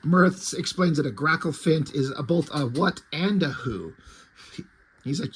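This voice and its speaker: A man's voice: on the high side, normal speed, husky. A man casually recapping a comic book's plot, rambling with lots of "like" and restarts. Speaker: comic book reviewer.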